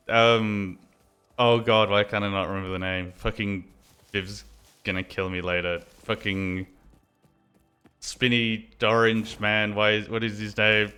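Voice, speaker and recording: Bright-voiced rambling Australian man. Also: on the low side, flat delivery, measured pace, clean tone, faint music behind. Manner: rambling, heavy swearing, talks to himself while playing. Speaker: game streamer. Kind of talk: casual gaming commentary.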